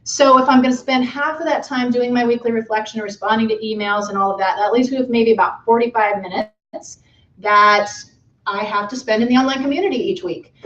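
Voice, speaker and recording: A woman presents to a room of instructors, chatty and informal with plenty of fillers. Her voice sits a little high. It comes from across an echoey room and sounds dull, with faint noise behind. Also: fairly quick, a bit bright, distant mic. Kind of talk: conference talk. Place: conference session room.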